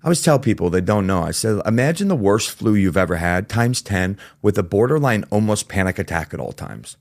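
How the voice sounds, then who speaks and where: A man with a very low, gravelly voice speaks as a podcast guest. He talks in a casual, candid way, full of fillers and now and then a swear word. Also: animated, a little fast, no echo, clean studio sound. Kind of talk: candid storytelling in a podcast interview.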